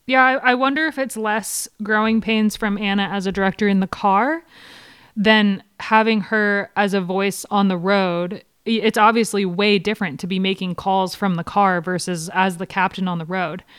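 A woman's voice: mid-range voice, steady tone, moderate pace, a bit bright, clean tone, no room sound, studio quality. A woman co-hosting a cycling podcast, a former rider talking through tactics in a thoughtful, questioning way. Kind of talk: casual podcast chat.

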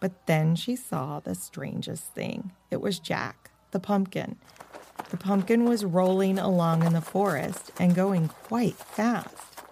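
A woman narrating a children's storybook in a gentle, measured way. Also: lowish voice, gravelly, a little hiss or hum.

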